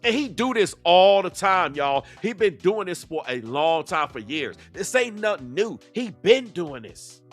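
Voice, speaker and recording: Man, heated reaction commentary, confrontational, high bright voice, faint music behind. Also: big pitch swings, a little slow, hardly any pauses. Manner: confrontational, rhetorical questions. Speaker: YouTube commentator.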